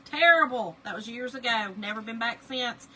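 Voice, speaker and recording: A woman's voice: a little high, moderate pace, sharp tone, slight background noise, low-quality recording. A middle-aged woman, chatting and laughing with viewers as she crafts on a livestream. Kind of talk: casual chat while crafting live.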